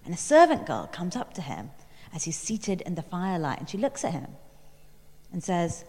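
A woman giving a sermon, reflective and storytelling in tone, with pauses and small fillers as she works through her thoughts. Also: on the low side, very animated, a little mellow. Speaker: preacher. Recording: long hall reverb.

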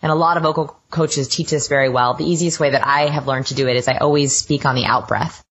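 Low-voiced woman, guest on a podcast. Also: steady tone, fast talker, husky, dull audio. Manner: enthusiastic, self-described science geek. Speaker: guest expert. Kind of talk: podcast interview.

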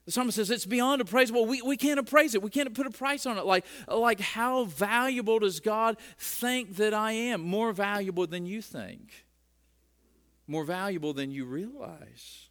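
A man's voice: high voice, animated, slow, a bit bright. A middle-aged man preaching a sermon in a conversational way, often repeating words as he starts a phrase. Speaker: pastor.

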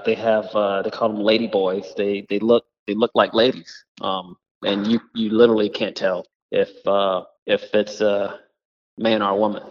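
A man who is a professional golfer, telling a story haltingly with many pauses. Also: on the low side, big-room sound, highs cut off. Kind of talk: casual recorded storytelling.

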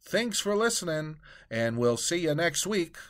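A man hosting a comedy podcast and narrating a story in a deliberate, unhurried manner. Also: fairly high pitch, very animated, fairly bright tone.

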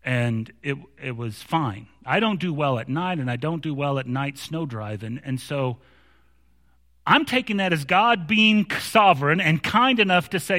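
A male pastor with a bright, forceful voice, preaching in an easy, storytelling way. His delivery grows animated as he stumbles through restarts, and the sound rings out with a long hall reverb. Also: on the high side, unhurried. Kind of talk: sermon.

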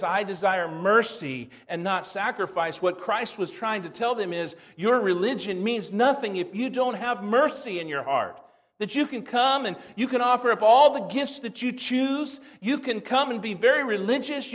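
A man who is a pastor, preaching a sermon, reading scripture in a low soft voice and telling anecdotes with laughter. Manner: animated storytelling, laughs at his own anecdotes.

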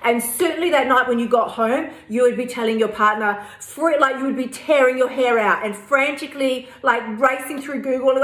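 A woman's voice: on the high side, moderate pace, hardly any pauses, a bit bright. A woman hosting a podcast, talking in a chatty, emphatic way with playful asides. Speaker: podcast host. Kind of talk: casual motivational podcast talk. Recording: roomy sound with faint music.

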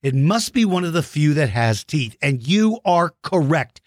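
A man hosting a dinosaur show for kids, giving playful, enthusiastic shout-outs to young fans. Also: on the high side, big pitch swings, measured pace, no room sound, studio quality. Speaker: host of a kids' dinosaur show.

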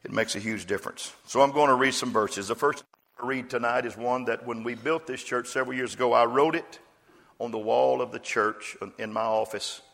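A pastor preaching a rousing call-and-response sermon, rising to shouts. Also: male voice, medium pitch, fairly even intonation, a little fast, creaky. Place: church sanctuary. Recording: reverberant church hall with congregation.

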